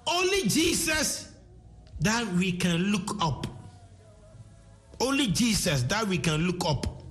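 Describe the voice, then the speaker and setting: Ghanaian male preacher, very high voice, sing-song sermon, faint music behind. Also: very animated, takes it slowly, fairly bright tone. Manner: switches between English and Twi, repeats words, sometimes sings phrases.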